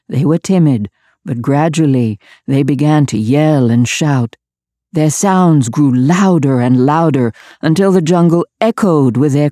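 Low, lively storybook narrator woman. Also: dry recording, clean studio sound. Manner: expressive, measured. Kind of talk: storybook read-aloud.

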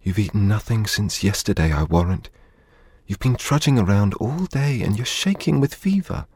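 A man's voice: lowish voice, lively intonation, moderate pace, husky, no room sound, pitched above the performer's own voice. A man doing a blunt servant woman. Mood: scolding. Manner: blunt, then hushed.

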